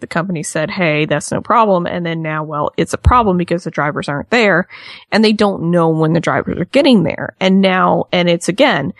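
A woman in casual chat, telling a story in an animated way and acting out what people said. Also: fairly low pitch, no echo, clean studio sound. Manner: animated storytelling with acted-out quotes. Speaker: podcast co-host recapping a reality show.

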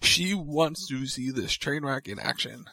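A man's voice: mid-range voice, lively intonation, measured pace, creaky, pushed and bright, no room sound. A man co-hosting a casual chat, chiming in with details in an easygoing way. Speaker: podcast co-host.

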